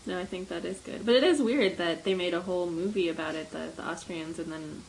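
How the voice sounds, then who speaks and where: A young woman co-hosting a podcast, chatting in a relaxed way with dry jokes and frequent laughter. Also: on the low side, brisk, a little hiss or hum, poor audio. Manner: laid-back, dry humor, frequent laughs. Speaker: podcast co-host. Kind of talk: casual chat.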